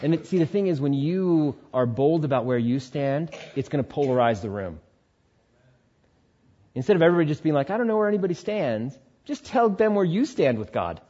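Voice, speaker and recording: A man giving a spoken testimony in a sermon style, telling his story in an animated way and acting out the voices in it. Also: fairly high pitch, a little fast, dull audio. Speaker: speaker sharing testimony.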